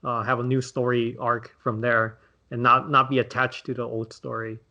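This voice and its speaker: A man's voice: medium pitch, flat delivery, normal speed, sharp tone. A man co-hosting a podcast, chatting casually about movies and laying out his points step by step. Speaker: podcast co-host.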